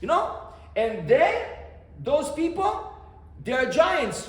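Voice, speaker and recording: A man, a rabbi, giving an animated Torah lesson, repeating phrases and quizzing his listeners. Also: very high-pitched, slow pace, pauses often. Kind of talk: Torah lesson to a live group. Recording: echoey room, faint background noise.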